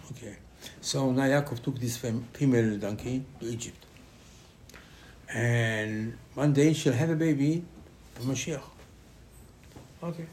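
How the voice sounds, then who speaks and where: Guy teaching torah, mid voice, animated, broken phrasing, acts out the story. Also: medium pitch, a little hiss or hum. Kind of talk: Torah lesson.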